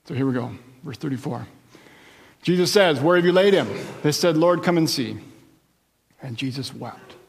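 A man's voice: fairly high pitch, normal speed, gravelly, long pauses, long reverb tail. A man preaching a sermon as pastor, explaining scripture in a conversational way and checking in with his listeners.

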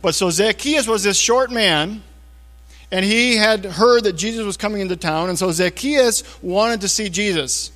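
A man preaching a conversational sermon, checking in with listeners with little asides and often dropping to a low, hushed voice for emphasis. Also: normal speed. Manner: casual, talks to listeners with frequent checks like "okay?" and "all right?". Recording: long reverb of a large hall.

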